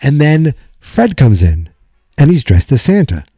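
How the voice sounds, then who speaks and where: Young male podcast host, loose animated recap delivery, warm low-key tone, dry sound. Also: measured pace, breathy edge, dry recording. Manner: rambling, animated retelling with quoted lines. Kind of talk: casual episode recap.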